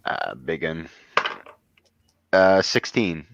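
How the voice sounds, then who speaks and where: A man's voice: rumbling low, sing-song, drawn-out words, vocal fry, no echo. A man playing in a tabletop game session, laid-back and hesitant. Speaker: player. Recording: dull lo-fi mic.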